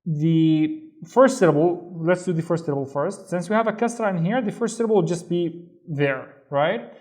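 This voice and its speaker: A man's voice: on the high side, normal speed, darkish tone. A man with a Saudi Arabic accent teaching a beginner lesson, explaining step by step and often checking in with "right?". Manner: patient, stepwise, checks in with "right?".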